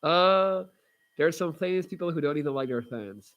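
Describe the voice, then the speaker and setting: A man's voice: fairly high pitch, animated, normal speed, dull audio. A man hosting a casual livestream, chatting with viewers in a rambling, blunt way with lots of fillers and restarts. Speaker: livestream host reading viewer comments.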